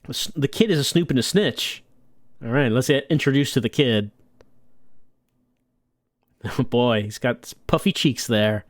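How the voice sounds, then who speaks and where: Brief: male streamer, casual game commentary, lively voice, dry close mic. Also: medium pitch, no room sound. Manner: quick, wry asides.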